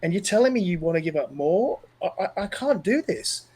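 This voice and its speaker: An exasperated wife pleads in a raised, higher voice, as a man puts her on while recounting an argument. The pitch lifts well above his usual speaking voice. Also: very animated, a little fast, darkish tone, slightly rough, heavily acted. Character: upset wife, exasperated woman.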